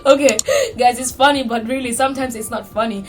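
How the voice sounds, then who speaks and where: A woman from Africa talking to her viewers in a casual sit-down vlog, animated and playful, often acting out what people say to her. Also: fairly high pitch, brisk. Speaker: vlogger.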